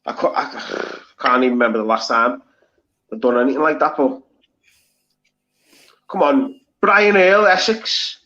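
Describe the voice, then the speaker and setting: A man's voice: medium pitch, sing-song, a little slow, pauses often, sharp tone. A man with a Liverpool accent, talking bluntly and swearing a lot as a guest on a live stream panel, with rambling restarts. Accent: Liverpool Scouse. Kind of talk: casual livestream banter. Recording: slightly lo-fi audio.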